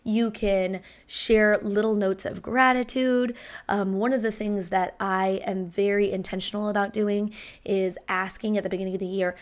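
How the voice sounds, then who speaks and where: A woman in her thirties, a teacher hosting a podcast, talking in a chatty, animated way and acting out quotes. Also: medium pitch, normal speed. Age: 30s. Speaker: podcast host and language teacher. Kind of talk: casual podcast monologue.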